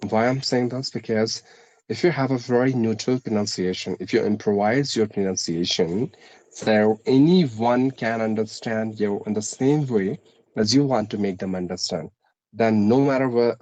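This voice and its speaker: A man with a mixed Indian, American and British English accent, speaking in a measured, explanatory way with frequent pauses and restarts in a casual conversation. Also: lowish voice, darkish tone, no echo, rough recording.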